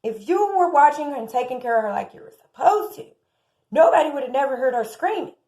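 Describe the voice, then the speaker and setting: American woman, 30s, high voice, heated opinionated commentary, gets louder as she argues. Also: expressive, brisk. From United States. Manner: impassioned, indignant, rising in volume. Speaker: true crime commentator.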